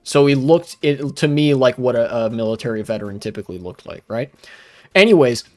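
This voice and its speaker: A man's voice: mid-range voice, expressive, fairly quick, faint music behind. Rambling, profane young man. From United States. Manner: rambling and profane, many fillers. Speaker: streamer. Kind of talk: casual storytelling while gaming live.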